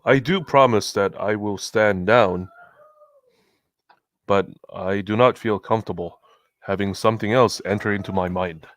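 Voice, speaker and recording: A man's voice: lowish voice, unhurried, no echo, clean studio sound. A man playing a security chief in a tabletop game, formal and stiff in character. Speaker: player voicing a security chief. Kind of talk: casual tabletop role-play.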